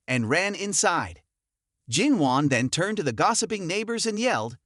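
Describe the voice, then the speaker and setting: A man narrating a comic recap in a brisk, animated storytelling manner. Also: fairly high pitch, dry recording, studio quality.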